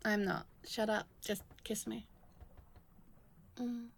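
A young woman in an audio role-play addressed to the listener, halting and stammering, emotional, swearing often. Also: mid-range voice, little pitch movement, vocal fry.

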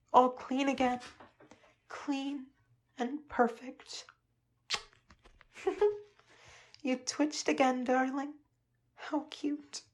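A clingy, obsessive young woman lover, played by a woman in an intimate audio role-play, her voice high and breathy. She talks slowly and pleadingly, lingering over endearments. Her pitch stays level and unvarying, with little lift or fall.

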